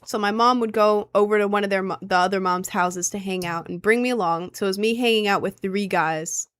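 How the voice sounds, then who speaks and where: A woman's voice: medium pitch, a little fast, smooth, no room sound. A woman in her twenties, streaming and chatting with her viewers, rambling and self-conscious with lots of filler words. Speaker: streamer answering chat. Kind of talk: casual chat.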